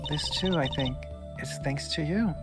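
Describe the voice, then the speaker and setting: A player voicing a gentle woman singer who has found her long-lost children, read in a plain, earnest voice over game music. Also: mid-range voice, a little slow, lightly acted. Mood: tender. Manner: calm, earnest reading in a plain voice.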